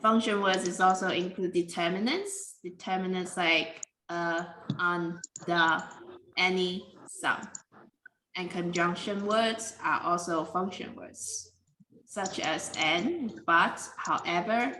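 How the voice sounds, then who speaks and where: A woman teaching English pronunciation in a careful, deliberate way, with simple non-native grammar. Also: on the low side, steady tone, pushed and bright, roomy sound, a little hiss or hum, low-quality recording. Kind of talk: slow classroom explanation.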